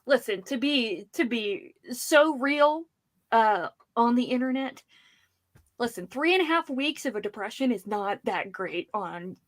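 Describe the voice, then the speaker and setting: A woman's voice: on the high side, expressive, a little slow. A woman co-hosting a casual livestream, talking candidly and joking around. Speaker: guest co-host.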